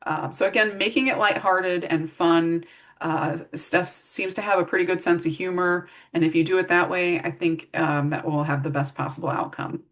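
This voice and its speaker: A woman's voice: on the low side, fairly even intonation, normal speed. A middle-aged woman giving a casual training talk to care staff, walking through practical strategies and acting out example phrases. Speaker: behavior support trainer. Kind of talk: recorded staff training presentation.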